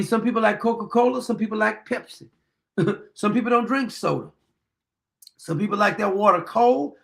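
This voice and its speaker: A man's voice: high voice, vocal fry, fairly bright tone. A blunt, emphatic man, talking in a casual monologue as a podcast host. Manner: blunt, emphatic, plain-spoken.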